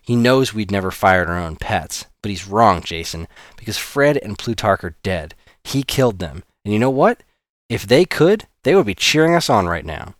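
A man's voice: on the low side, big pitch swings, no echo, studio quality. A man doing a sarcastic wisecracking boy. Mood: earnest. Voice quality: sarcastic, quick, raised voice. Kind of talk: audiobook character voice.

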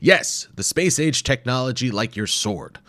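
A man's voice: lowish voice, animated, normal speed, dry recording, pitched above the performer's own voice, close to an everyday voice. A man voicing a grumbling, overweight middle-aged male archaeologist who complains dryly and reluctantly, in a storybook reading. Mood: wary.

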